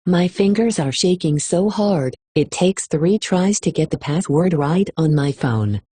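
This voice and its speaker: Female audiobook reader with a husky, dry close sound and emotional first-person delivery. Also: fairly low pitch, expressive, measured pace, mellow, dry recording. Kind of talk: expressive audiobook narration.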